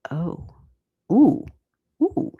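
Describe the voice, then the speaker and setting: An American woman giving astrology readings on a livestream, thinking aloud and chatting with viewers in a relaxed way, with the odd swear word. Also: extremely slow, phone-quality sound. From United States. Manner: thinks aloud, talks to chat, mild swearing. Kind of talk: casual livestream chat.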